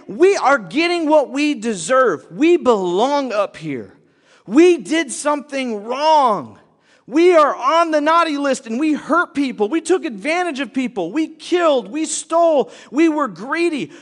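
A man's voice: very high-pitched, very animated, normal speed, few pauses, darkish tone, voice pushed up, full character voice. A man voicing a remorseful male criminal who scolds a fellow convict in earnest. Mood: urgent rebuke. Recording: long hall reverb.

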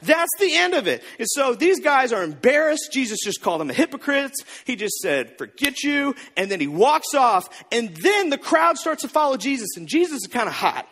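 A male pastor preaching a sermon with joking asides and lively storytelling. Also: very high voice, moderate pace, few pauses. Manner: animated storytelling with jokes and asides. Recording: long reverb of a large hall.

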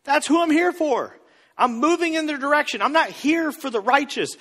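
A man voicing Jesus as a cheerful, eager grown man, in a bright, excited and casual way. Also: very high-pitched, normal speed, pitched above the performer's own voice. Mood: emphatic. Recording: long reverb in a hall.

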